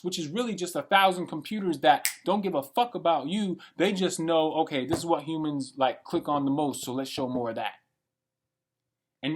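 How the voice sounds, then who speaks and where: A man in his late twenties giving a blunt, profane and rambling monologue for his vlog. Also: fairly high pitch. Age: late 20s. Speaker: vlogger. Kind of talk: unscripted rant monologue.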